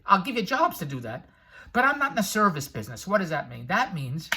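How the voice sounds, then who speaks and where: Brash rambling older man, husky. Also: fairly high pitch, bright, forceful tone. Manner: brash, tangent-prone, laughs at himself. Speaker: vlogger and infomercial producer. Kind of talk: rambling motivational monologue.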